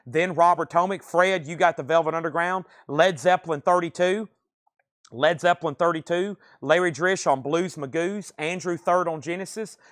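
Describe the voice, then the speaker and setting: A man hosting a live record sale, calling prices and bids in brisk salesman patter. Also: on the high side, a bit bright. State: out of breath. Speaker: livestream record auctioneer.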